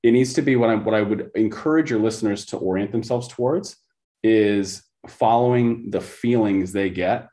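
A coach appearing as a podcast guest speaks in a lowish, dark voice at a moderate pace. In this conversational interview he tells stories intensely, repeating phrases for emphasis.

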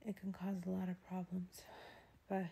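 A woman in her thirties vlogging from a doctor's procedure room, talking softly and often in a whisper, halting with fillers, in pain and a little out of breath. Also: lowish voice, monotone, gravelly, a little hiss or hum. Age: 30s. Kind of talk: personal vlog.

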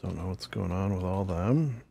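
A man's voice: sits low, normal speed, creaky, mellow, slightly rough. A man hosting a gaming channel, chatting casually and jokingly as he plays a role-play game. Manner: rambling, jokey, talks to himself.

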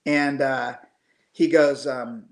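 A man in his fifties, a guest musician, telling animated anecdotes casually over a video call, with frequent restarts. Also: medium pitch, takes it slowly. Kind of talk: casual storytelling. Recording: echoey room.

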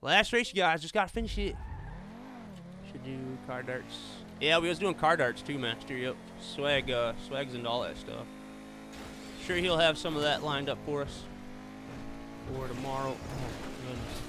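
Excitable male gamer streaming a race. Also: mid-range voice, unhurried, music in the background. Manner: chatty, talks to viewers and racing friends, frequent exclamations. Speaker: game streamer. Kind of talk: live gameplay commentary.

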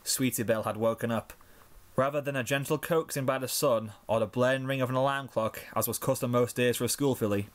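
Male fanfic reader, mid-pitched, steady storytelling delivery. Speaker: narrator. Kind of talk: fanfiction reading.

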